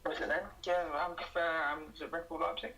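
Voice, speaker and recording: A young man co-hosting a casual podcast, trading quick, playful banter. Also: fairly high pitch, flat delivery, bright, forceful tone, low-quality recording. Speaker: podcast co-host. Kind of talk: casual chat.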